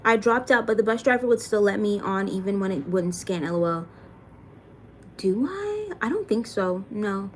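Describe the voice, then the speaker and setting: A woman's voice: mid-range voice, lively intonation, moderate pace, slight background noise. A young adult woman chatting casually on a livestream, thanking viewers by name and swearing now and then. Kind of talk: casual livestream chat reading comments.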